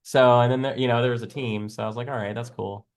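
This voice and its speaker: A man's voice: mid-range voice, fairly even intonation, quick pace. A man hosting a live trading stream, chatting casually in a rambling, jokey way and laughing often. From American South. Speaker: live trading show host.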